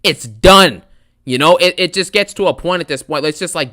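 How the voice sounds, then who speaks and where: A man's voice: a little high, normal speed, pushed and bright. A man recapping a wrestling show in a fed-up, sarcastic rant, brushing things off and mocking what he hears. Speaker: wrestling video ranter.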